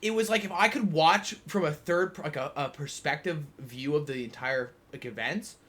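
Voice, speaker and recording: A man's voice: fairly high pitch, moderate pace, a bit bright. A young man co-hosting a podcast, telling a long anecdote in a rambling, casual way full of fillers. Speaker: podcast co-host. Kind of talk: casual storytelling chat.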